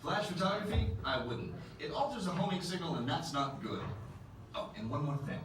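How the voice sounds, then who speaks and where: Overconfident scientist, ride briefing, noisy and distant. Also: male voice, big pitch swings. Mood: breezy. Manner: fast, breezy, overconfident pitch. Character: reckless, eager male time-travel scientist. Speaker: ride pre-show scientist. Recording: very echoey space from far off, ride noise.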